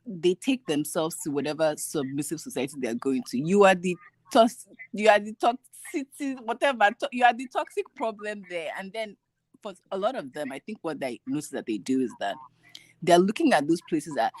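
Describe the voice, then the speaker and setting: A woman co-hosting a casual chat, adding her views in a relaxed way. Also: lowish voice, moderate pace, dry recording.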